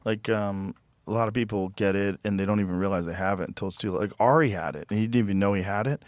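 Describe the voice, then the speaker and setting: 中年男主持人，声音干净贴麦. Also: male voice, fairly low pitch, fast talker, no room sound. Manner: tells lively anecdotes, reads facts aloud. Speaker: podcast host. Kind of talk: casual podcast conversation. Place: podcast studio. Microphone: close studio mic.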